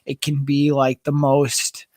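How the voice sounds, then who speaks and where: A man's voice: medium pitch, takes it slowly, no room sound, clean studio sound. A man co-hosting a casual livestream chat about fandoms, talking eagerly with many fillers. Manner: animated, enthusiastic, many fillers. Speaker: co-host.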